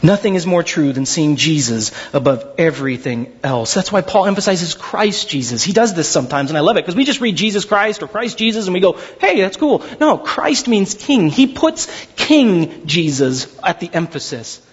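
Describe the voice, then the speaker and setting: A man preaching a sermon as pastor, animated and swinging between excited high asides and slow low emphasis, stumbling over repeated words when worked up. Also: breathy edge, muffled recording.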